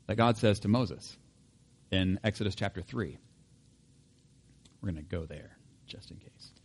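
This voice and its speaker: A man's voice: fairly low pitch, darkish tone. A man preaching a sermon in a conversational way, with light humor and frequent self-corrections. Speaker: pastor.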